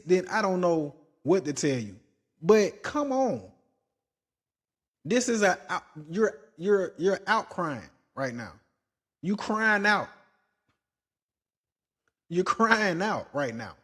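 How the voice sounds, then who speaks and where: A man with a fairly high voice delivers blunt, opinionated commentary as a podcast host. He lectures in a preachy way and swings up into exasperated outbursts. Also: expressive, unhurried, fairly bright tone. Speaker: podcast host reacting to clips.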